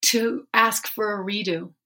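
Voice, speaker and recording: A woman's voice: mid-range voice, fairly even intonation, a little slow, pushed and bright. A middle-aged woman hosting a podcast, telling a personal family story with emotion and some laughter. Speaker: podcast host. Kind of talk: casual podcast conversation.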